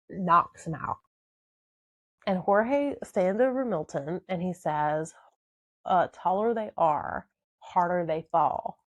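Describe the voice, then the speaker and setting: A woman's voice: fairly low pitch, a little mellow, no echo. A young woman casually telling her own life story, candid and rambling, with many fillers. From southern United States.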